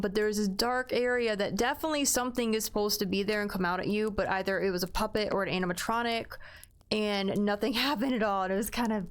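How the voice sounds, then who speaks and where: A woman giving a casual spoken review of a haunted attraction, talking in a rambling, hesitant way with frequent restarts. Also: mid-range voice.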